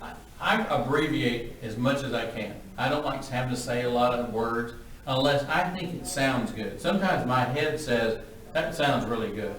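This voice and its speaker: A man's voice: medium pitch, moderate pace, fairly bright tone. A man instructing an auctioneering class, blunt and joking, demonstrating the chant. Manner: blunt, joking, plain-spoken. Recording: very echoey room from far off.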